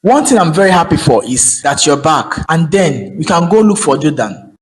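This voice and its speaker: A man's voice: a little high, sing-song, normal speed, poor audio. A man voicing a concerned young friend in a cartoon, asking probing questions. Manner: probing, earnest.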